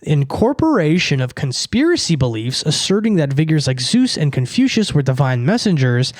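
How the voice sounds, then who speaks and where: Young male podcast host, slightly higher voice, dry close sound, rambling and irreverent with lots of fillers. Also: very animated, moderate pace, no room sound. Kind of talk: casual monologue.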